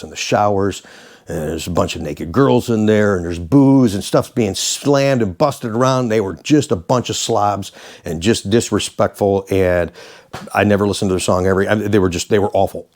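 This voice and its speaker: A man in his sixties, a former radio DJ and host, telling rambling, animated anecdotes casually. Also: medium pitch. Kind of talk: casual storytelling.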